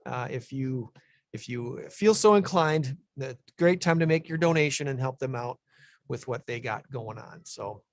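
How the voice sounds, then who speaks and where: A man's voice: medium pitch, expressive, normal speed, no echo. A man co-hosting a local radio show, chatting casually and rambling with plenty of fillers and restarts. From Illinois, USA.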